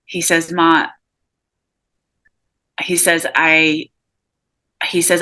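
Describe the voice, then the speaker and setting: A woman medium giving a live reading over a video call, relaying messages with a steady run of "he says" and many fillers. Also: low-pitched, very slow, pauses often. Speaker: psychic medium.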